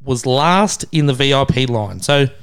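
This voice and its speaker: A man's voice: medium pitch, expressive, normal speed, fairly bright tone, clear, resonant tone. A man in his thirties with an Australian accent, co-hosting a casual podcast, crude and laughing, acting out the people in his stories. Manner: crude, laughing storyteller who acts out quoted voices. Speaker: podcast co-host.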